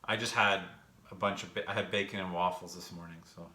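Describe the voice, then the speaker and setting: A young gaming vlogger chats casually on a livestream while working, answering live chat, out of breath and rambling with fillers. His deep voice is steady, a little fast, pushed and bright, in an echoey room with faint background noise.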